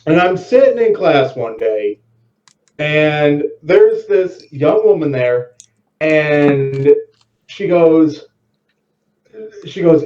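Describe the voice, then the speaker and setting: A man's voice: a little high, slow, pauses often, a little hiss or hum. Roomy lo-fi middle-aged storytelling man. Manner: lively storyteller, acts out quotes. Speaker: podcast guest. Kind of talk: casual chat, storytelling. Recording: roomy, distant, dull lo-fi mic.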